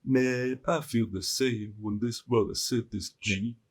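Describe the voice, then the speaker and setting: A man's voice: mid-range voice, steady tone, measured pace, pitched above the performer's own voice, lightly acted. A man putting on the voice of a mocking male online commenter who cracks a crude joke. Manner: crude, joking.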